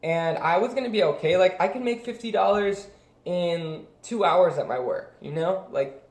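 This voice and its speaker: A man's voice: high voice, normal speed. Rambling young man in an echoey room. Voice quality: rambling, many fillers and restarts. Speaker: vlogger. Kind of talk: casual storytelling.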